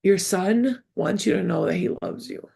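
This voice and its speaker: A mellow-voiced woman talks straight to camera, giving a psychic reading. She rambles, circles back to repeat names, and grows emotional as she passes the messages on. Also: mid-range voice, normal speed, gravelly, breathy edge. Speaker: psychic medium. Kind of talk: channeled spirit reading to camera.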